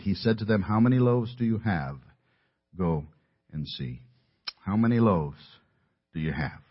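A man's voice: lowish voice, slightly rough. A man preaching an earnest sermon, stressing key points and building to emphatic peaks. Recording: dull lo-fi audio.

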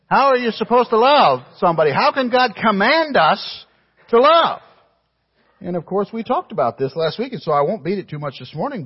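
A man's voice: medium pitch, slightly rough, lo-fi sound. A male pastor preaching a sermon to his congregation, emphatic, posing pointed rhetorical questions and speaking directly to the people in the room.

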